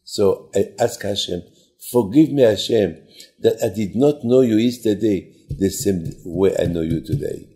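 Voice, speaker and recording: Guy doing a low, quiet old rabbi, gravelly and calm. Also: measured pace. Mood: teaching. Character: humble, calm older male sage rabbi.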